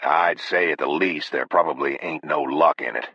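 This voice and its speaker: A man voicing a weathered older Texas sheriff with a slow, laconic drawl, calm and grim, in an audiobook reading. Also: a bass voice, gravelly, husky, no echo, full character voice. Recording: dull, dry lo-fi audio.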